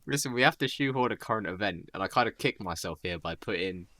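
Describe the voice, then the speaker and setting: A man's voice: lowish voice, lively intonation, quick pace, sharp tone, no room sound. A man casually improvising a rambling story, slipping into character voices. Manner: rambling, laid-back, voices characters in quotes.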